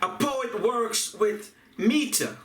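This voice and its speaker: A man giving a reflective talk on poetry and music, speaking deliberately, repeating phrases and chanting rhythms aloud. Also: high-pitched, expressive, a bit bright, slight background noise. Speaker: video essayist on poetry and music. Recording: echoey room, voice from a distance.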